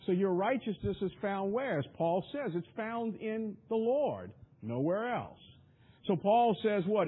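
A man's voice: high voice, big pitch swings, measured pace, breathy edge, narrow, tinny audio. A man preaching a sermon in an emphatic, repetitive way, often stumbling over his restarts.

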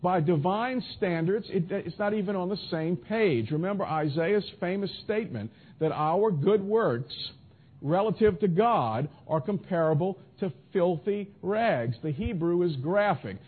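A man's voice: high voice, animated, measured pace. A man preaching a sermon in an emphatic style, asking rhetorical questions and answering imagined objections. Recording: tinny phone-like audio.

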